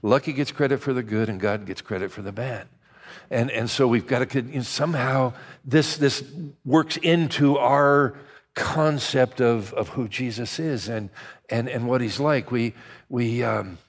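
An older male pastor delivering a sermon like a conversation, full of anecdotes. He stumbles and restarts often, then breaks into lively asides. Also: medium pitch, a little slow. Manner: conversational storytelling, many restarts, animated asides.

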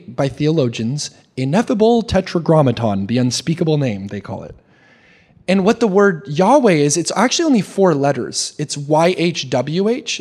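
A young man preaching a sermon, animated, with quick restarts and questions put to the congregation. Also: on the high side. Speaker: pastor.

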